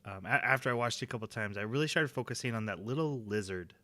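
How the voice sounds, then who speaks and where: A man's voice: mid-range voice, fast, sharp tone. A man co-hosting an anime discussion, talking through his ideas thoughtfully and often restarting phrases as he works them out. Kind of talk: casual analytical discussion.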